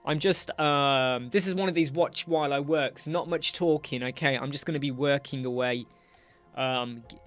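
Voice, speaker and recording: A man's voice: mid-range voice, normal speed, fairly bright tone, soft background music. A man, chatting casually on a livestream while he works, ranting about clients. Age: 40s. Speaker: web designer livestream host.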